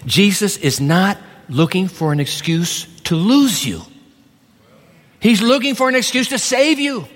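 Male pastor, lively and expressive, slightly high voice, sermon recorded in a big echoing church hall. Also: a little slow. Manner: animated, acts out biblical dialogue.

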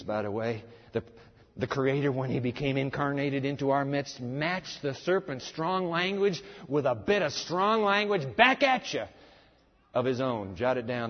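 A man preaching a sermon. He is emphatic and dramatic, and swings between loud stress and near-murmurs. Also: medium pitch. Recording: echoey hall, dull lo-fi sound.

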